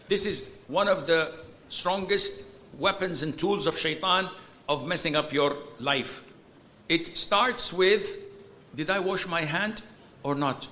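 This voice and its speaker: Blunt, animated preacher with a bright voice. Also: male voice, on the high side, slight background noise. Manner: animated and blunt, with emphatic bursts of exasperated humor; sprinkles Arabic religious terms into English. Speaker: Islamic preacher. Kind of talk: informal lecture answering a question.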